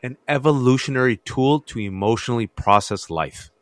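A man, an author, talking in a radio interview as an animated storyteller who laughs often. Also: medium pitch, normal speed, no echo. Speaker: author and guest.

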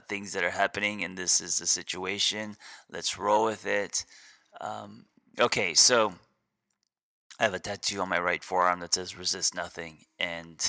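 Groggy low-voiced male therapist, dry close sound. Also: no echo. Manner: relaxed, rambling, many fillers. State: groggy early-morning voice. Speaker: therapist and podcast host. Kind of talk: casual unscripted monologue.

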